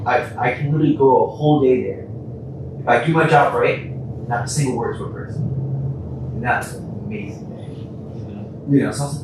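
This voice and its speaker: A young man chats loosely as a podcast guest, swearing freely and laughing through his stories. He sounds far from the mic, in a roomy, echoing space, with a steady ambient hum behind him. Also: medium pitch, a little fast, long pauses. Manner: laid-back and profane, laughs often. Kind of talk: casual conversation. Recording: echoey room, voice from far off.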